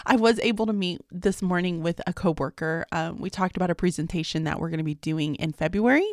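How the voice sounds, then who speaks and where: A woman in her thirties hosts a podcast, chatting casually about her day in a video-diary style. She laughs often and calls her listeners "guys." Her voice is fairly low, captured in a dry, studio-quality recording.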